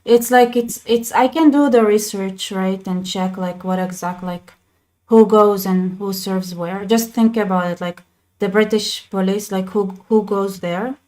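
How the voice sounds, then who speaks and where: A woman with an Israeli accent, a native Hebrew speaker, hosting a casual livestream chat and talking in quick bursts with many restarts. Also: medium pitch, fairly even intonation, a little mellow. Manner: chatty, many restarts and fillers. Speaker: channel host.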